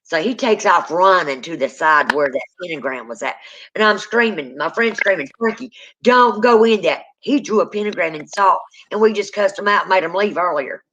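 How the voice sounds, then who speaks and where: Dramatic spoken storytelling, acts out voices, middle pitch, dull lo-fi recording. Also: animated, a little fast, pushed and bright. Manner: dramatic, acts out quoted people. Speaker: guest telling a true ghost story. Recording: dull lo-fi sound.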